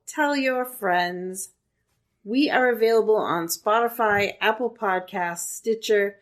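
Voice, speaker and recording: A woman co-hosting a podcast, reading out the show's contact details and asking for reviews. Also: mid-range voice. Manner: clear, steady read of contact details. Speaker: podcast co-host. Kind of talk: podcast outro announcements.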